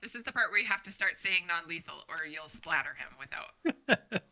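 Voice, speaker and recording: A man's voice: a little high, animated, moderate pace, pushed and bright, highs cut off. A man playing in a tabletop game, teasing the others in a playful way. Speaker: player. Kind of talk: casual tabletop game chat.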